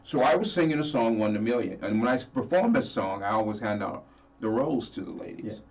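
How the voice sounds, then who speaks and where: A man, a singer as a guest, talking earnestly and warmly about his fans. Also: fairly low pitch, expressive, a little fast, creaky, recorded from a distance, poor audio. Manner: earnest, heartfelt, laughs easily. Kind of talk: casual interview chat.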